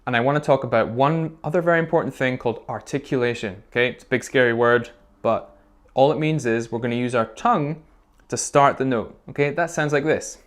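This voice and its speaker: Speaking at medium pitch and a little fast, a male music teacher guides kids through a recorder lesson video. His explanations come patiently and in steps, with plenty of encouragement and regular "okay?" check-ins.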